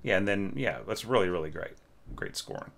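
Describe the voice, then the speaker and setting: A man with a lowish voice talks through a critique of a student's orchestration. His delivery is loose and conversational, full of "you know" and "right?", and he breaks into humming the melody lines to make a point. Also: lively intonation, a little fast, gravelly, a bit bright. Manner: loose and chatty, full of fillers, hums melody lines aloud. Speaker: orchestration teacher reviewing a student score. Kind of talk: casual spoken critique.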